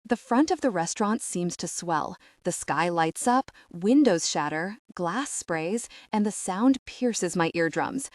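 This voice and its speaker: Woman, audiobook narrator, lowish voice, tense urgent reading, dry close sound. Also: animated, measured pace, hardly any pauses, no room sound. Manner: tense, urgent reading that rises at shouted lines. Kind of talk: first-person audiobook narration.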